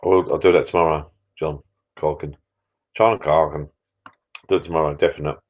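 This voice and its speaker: A man's voice: very deep voice, steady tone, moderate pace. A man hosting a live stream from his backyard pub shed, chatting and grumbling in a rambling, self-interrupting way. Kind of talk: casual chat with viewers. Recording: dull lo-fi live stream audio.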